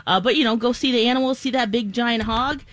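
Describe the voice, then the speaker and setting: Female co-host, a bit high, wishy-washy, chatty, quick to laugh. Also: no room sound. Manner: rambling, hesitant, laughs often. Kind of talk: casual studio chat.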